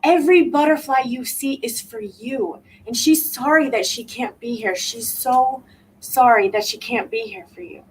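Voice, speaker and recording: In a live spiritual reading, a woman working as a psychic medium keeps coming back to the same words to comfort her listener, talking emphatically. Her high voice is slightly rough and moves at normal speed, and the recording is rough.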